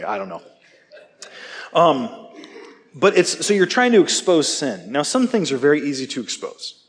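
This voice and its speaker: A man giving a conversational sermon, relaxed and self-deprecating, often checking in with his listeners. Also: fairly high pitch, a little fast. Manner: casual, self-deprecating, asks "okay?" often. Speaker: preacher.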